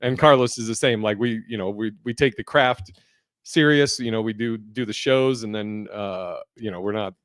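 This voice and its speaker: A man's voice: lowish voice, normal speed, no room sound, studio quality. A man hosting a podcast in loose, profane casual chat, laughing as he tells stories. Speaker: podcast host.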